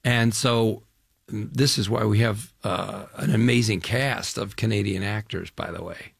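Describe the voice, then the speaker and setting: Gravelly older man from Chicago. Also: fairly low pitch, a little slow, no echo, studio quality. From Chicago area, US Midwest. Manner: enthusiastic, rambling with fillers. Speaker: actor guest. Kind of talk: interview conversation.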